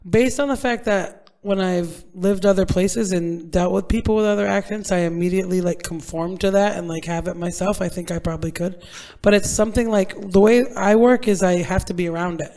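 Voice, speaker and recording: A woman co-hosting a casual podcast chat who argues her point with conviction. She is opinionated and pushes back readily, speaking at an ordinary middle pitch. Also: fairly quick, warm tone. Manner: opinionated, argumentative. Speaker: podcast co-host.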